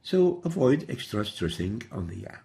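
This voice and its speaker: Gravelly-voiced man teaching pronunciation. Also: mid-range voice, very animated, normal speed, warm tone. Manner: methodical, demonstrates each sound by repeating example words. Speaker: Quran recitation teacher. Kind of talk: instructional lesson.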